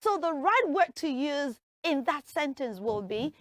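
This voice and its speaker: Animated woman teacher, high-pitched, dry close sound. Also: a little slow, dry recording. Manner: animated, acts out everyday scenes. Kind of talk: English usage lesson. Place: television studio.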